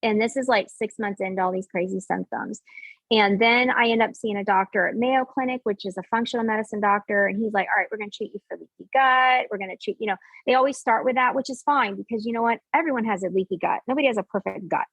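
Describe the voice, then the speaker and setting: A woman in her forties shares her own story in a loose, animated way, slipping in "like" again and again and acting out the voices of the people around her. Her voice sits at an ordinary middle pitch. The sound is dry and close, with no room around it. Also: quick pace, no room sound, low-quality recording. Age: 40s. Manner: animated, acts out quoted dialogue, many "like" fillers. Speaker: podcast guest. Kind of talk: casual personal storytelling.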